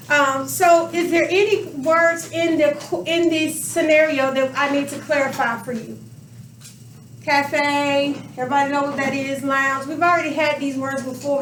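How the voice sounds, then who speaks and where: A woman's voice: high voice, fairly even intonation, normal speed, a bit bright, a little hiss or hum. A woman teaching a math class, questioning her students and stretching out words for emphasis. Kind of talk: classroom lesson. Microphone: camera across the room. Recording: echoey classroom from far off.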